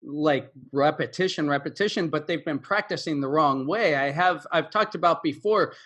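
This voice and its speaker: A man hosting a teaching podcast, chatty and quick to chime in. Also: a little high, fairly bright tone. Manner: chatty, chiming in with agreement. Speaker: podcast host. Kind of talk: casual podcast conversation.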